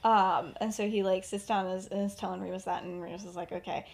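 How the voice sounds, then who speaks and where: A woman's voice: medium pitch, steady tone, fast talker, gravelly, a little mellow. Rambling woman podcast host. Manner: rambling, many fillers, laughs often. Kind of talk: casual retelling of a fan story.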